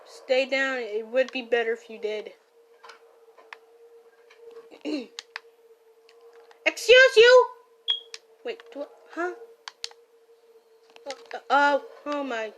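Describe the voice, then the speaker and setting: A woman giving silly commentary while playing a game, playfully yelling at the characters. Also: high voice, a little slow, long pauses, slight background noise. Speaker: gamer.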